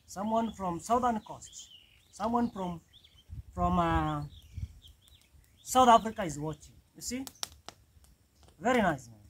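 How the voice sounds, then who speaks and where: A Kenyan man with a high voice chats through an outdoor cooking vlog, cooking over a wood fire in a village. Birds and animals sound faintly behind him, under a light hiss of outdoor noise. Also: rough recording. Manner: chatty, repeats "man" often. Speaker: vlogger.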